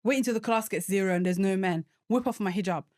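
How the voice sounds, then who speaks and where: A young woman co-hosting a podcast, telling an animated anecdote in casual chat with quick self-interruptions. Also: mid-range voice. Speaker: podcast co-host.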